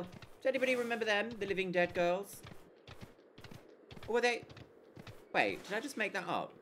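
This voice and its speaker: A woman's voice: medium pitch, expressive, normal speed, pauses often, fairly bright tone, soft background music. A young woman chatting casually on a live stream, giggling and thanking her viewers as she plays.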